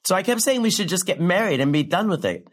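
A young woman playing a brash comic who delivers a rambling, sardonic, profane stand-up story with big leaps in pitch. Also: lively intonation, fast talker. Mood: wry. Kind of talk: stand-up comedy monologue in a drama.

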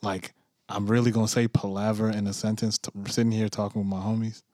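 Podcast co-host, man, lowish voice, dry close mic, relaxed. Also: a little fast, no room sound. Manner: easygoing, offhand. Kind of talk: casual chat.

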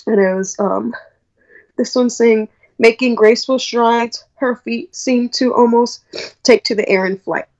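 A woman's voice: fairly high pitch, fairly even intonation, unhurried, dull audio. A young woman from New York, a college track athlete, talking candidly in an interview and quoting people as she tells her story. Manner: candid, storytelling with quoted dialogue.

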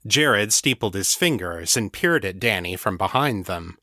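A man reading an audiobook aloud in calm, measured scripted narration. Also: on the low side, no room sound, clean studio sound.

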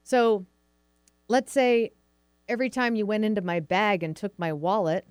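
A woman's voice: medium pitch, normal speed, clear, resonant tone, no echo, studio quality. A woman hosting a dog podcast, talking casually and acting out what dogs and owners might say, with a light Pacific Northwest American accent. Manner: chatty, acts out quoted voices of dogs and owners. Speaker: podcast host, dog trainer. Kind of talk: casual explanatory talk.

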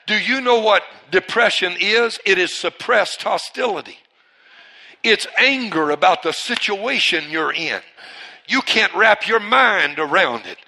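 Male pastor, high voice, bright and forceful tone, dynamic preaching, call-and-response with the congregation. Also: lively intonation, takes it slowly, pauses often. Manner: dynamic, swings from loud bursts to hushed lines. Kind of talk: preaching a sermon. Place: church service.

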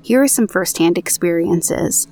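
Low-voiced woman reading ghost stories. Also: lively intonation, measured pace, mellow, faint music behind. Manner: conversational, self-deprecating asides. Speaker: podcast host. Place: home recording booth.

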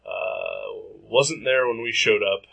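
A man co-hosts a podcast with a nasal, stuffed-up voice that sits low but sounds bright. His speech is husky and hesitant, full of fillers as he rambles through casual chat. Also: wildly swooping pitch, takes it slowly, rough recording. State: stuffy nose. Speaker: podcast co-host.

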